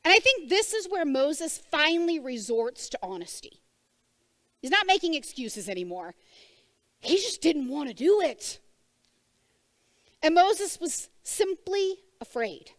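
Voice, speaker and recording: High-voiced woman preaching slowly. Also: sing-song, no echo. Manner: conversational preaching, asks the room direct questions. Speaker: church speaker. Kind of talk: sermon. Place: church service before a congregation.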